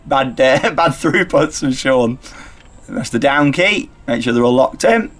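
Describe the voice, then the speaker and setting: A man's voice: medium pitch, animated, a little slow, a bit bright. A man giving casual, upbeat gameplay commentary as he operates a ride simulator, talking himself through each step. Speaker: theme park YouTuber playing a ride simulator.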